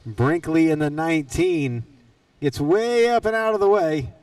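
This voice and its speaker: A man's voice: on the high side, a little slow, a little mellow, no room sound, far from the mic, rough recording. A man calling live go-kart races, folksy and teasing the drivers as he jokes between laps. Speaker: race announcer. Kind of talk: live race commentary. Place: racetrack announcer stand.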